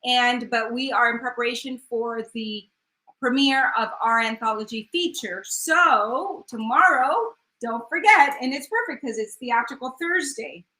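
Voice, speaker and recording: A woman co-hosting a casual bilingual chat show, bubbly and excitable, gushing with enthusiasm. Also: fairly high pitch, unhurried, reverberant. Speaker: co-host.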